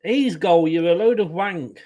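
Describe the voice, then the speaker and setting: A slightly high-voiced man joins a football watchalong as a guest. He grumbles and swears freely in loose, exasperated chat. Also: a little slow, warm tone. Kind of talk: casual match chat.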